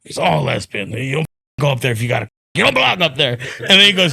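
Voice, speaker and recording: Animated young man telling stories. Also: a little high, fast, vocal fry, slightly rough. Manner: animated storyteller, acts out quotes, laughs often. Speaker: guest comedian. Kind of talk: casual podcast chat.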